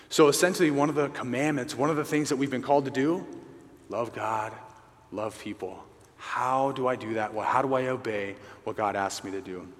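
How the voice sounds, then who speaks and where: A man's voice: mid-range voice, fairly bright tone. Earnest man preaching in a reverberant hall. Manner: earnest, conversational preaching with emphatic repetition. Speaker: pastor at a men's gathering. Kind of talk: sermon.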